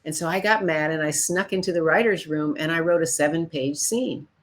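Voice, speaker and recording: An older woman from Chicago telling stories about her career in an interview, acting out other people's lines. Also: brisk. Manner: animated storyteller, acts out quotes in higher voices. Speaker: guest. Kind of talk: storytelling interview.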